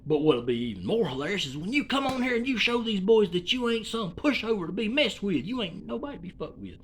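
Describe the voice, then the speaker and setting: A man's voice: high-pitched, big pitch swings, fast, husky. A man from Alabama with a Southern accent, delivering a rambling comedic monologue in a folksy, profane, meandering way.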